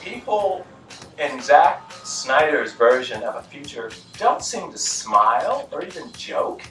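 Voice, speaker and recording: A man's voice: fairly high pitch, very animated, slow. A man narrating a movie review in a dry, critical, mildly exasperated way. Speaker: film reviewer. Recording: echoey room, mic at a distance, faint music.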